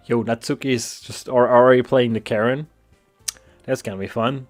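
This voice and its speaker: A gaming streamer at a desk mic, with his face cam on, rambles and stammers through jokey, casual commentary as he plays. His mid-range voice holds a steady tone at a moderate pace over soft background music.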